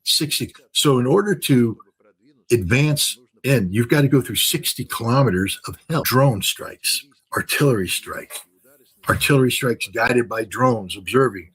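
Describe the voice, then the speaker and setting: A man's voice: mid-range voice, animated, measured pace, a bit bright, slightly rough, low-quality recording. An older man talking in an unscripted interview as a guest commentator, emphatic and repeating phrases for stress.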